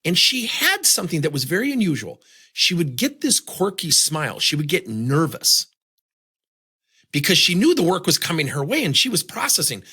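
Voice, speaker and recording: A man's voice: high voice, huge pitch swings, moderate pace, bright, forceful tone, slightly rough. A man giving a motivational talk on communication, leaning on many rhetorical questions. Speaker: speaker on communication.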